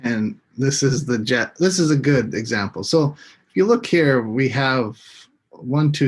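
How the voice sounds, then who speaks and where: A man's voice: mid-range voice, lively intonation, a little slow, husky. A man teaching a live online English lesson, patiently modeling words for students to repeat.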